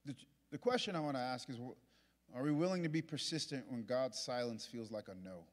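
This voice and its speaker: A male pastor preaching a sermon in a large church auditorium, repeating his points and moving from hushed to loud. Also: medium pitch, fairly quick. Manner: impassioned, repetitive preaching that swings from hushed to loud. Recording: long hall reverb.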